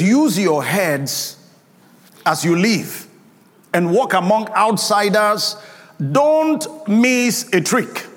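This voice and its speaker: Preacher, male, high voice, emphatic and drawn-out, ringing hall reverb. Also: fairly bright tone. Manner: emphatic preaching with call-and-response to congregation. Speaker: pastor. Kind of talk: sermon.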